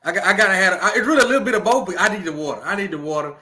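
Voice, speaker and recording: A young man, chatting casually as a podcast guest, animated and quick to laugh, repeating his lines as he tells stories. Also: high voice. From Louisiana. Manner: animated storyteller, laughs often, repeats himself.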